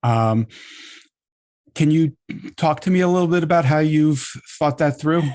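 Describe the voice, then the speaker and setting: A podcast host leads the conversation with careful, probing questions. The delivery is measured, at a middle pitch. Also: a little mellow. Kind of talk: interview questions.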